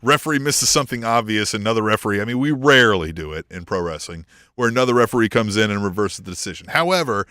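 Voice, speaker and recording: A man's voice: lowish voice, expressive, quick pace, hardly any pauses, sharp tone, no echo, studio quality. A man co-hosting a wrestling podcast, chatting casually, swearing freely, laughing often and acting out voices of the people he talks about. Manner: profane, laughing, acts out quoted voices. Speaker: podcast co-host.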